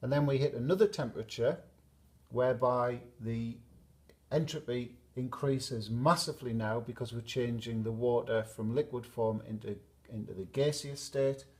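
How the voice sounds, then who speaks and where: A man teaching a chemistry lesson at a whiteboard, explaining steadily and pausing to draw graphs. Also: medium pitch, darkish tone.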